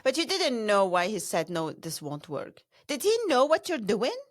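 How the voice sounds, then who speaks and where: A woman co-hosting a casual chat show, speaking calmly and directly and asking pointed questions. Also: medium pitch, moderate pace, dry recording, clean studio sound. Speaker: podcast co-host.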